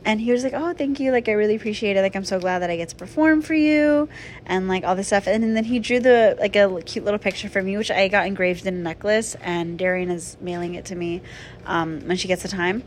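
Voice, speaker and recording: A woman's voice: medium pitch, fast talker, a little hiss or hum. A young woman casually telling a personal story to her viewers, chatty and full of fillers. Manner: chatty, filler-heavy, animated retelling. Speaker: vlogger.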